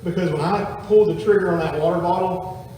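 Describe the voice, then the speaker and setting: A man's voice: high-pitched, fast, warm tone, slight background noise. A man, a pastor telling a family story in a folksy sermon to his congregation. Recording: echoey hall from far off.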